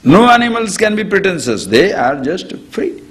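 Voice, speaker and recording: A man talks through a spiritual discourse, his voice sitting a touch high and swooping widely up and down. He chuckles often and acts out homely examples as he teaches an audience. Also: big pitch swings, normal speed.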